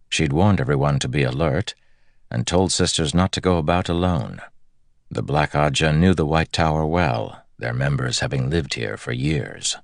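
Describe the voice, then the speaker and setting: Male fantasy-audiobook narrator: steady, even reading, very low and gravelly. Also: dry recording, studio quality.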